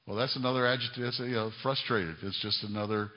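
A middle-aged male pastor preaching a sermon, building to emphatic raised peaks and dropping into quiet conversational asides. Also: medium pitch, fairly even intonation, quick pace. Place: church sanctuary. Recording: reverberant hall, lo-fi sound.

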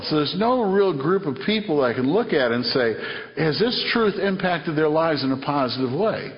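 A man's voice: fairly high pitch, very animated, normal speed. Earnest preacher man in echoing hall. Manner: earnest, repeats phrases, acts out dialogue. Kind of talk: sermon. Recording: muffled sound in a long-echo hall.

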